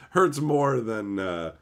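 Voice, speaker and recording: A male streamer from Canada talks loosely with his viewers, his pitch swinging up and down a lot. He curses freely, gets excitable and laughs often while answering chat. His voice sits at an ordinary middle pitch. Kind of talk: casual livestream chat.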